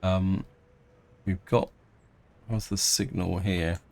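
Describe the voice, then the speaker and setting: An English let's-player in middle age gives casual, unhurried commentary on his city-building game in a lowish voice. He thinks aloud, hesitating often, pausing and restarting sentences as he weighs his options.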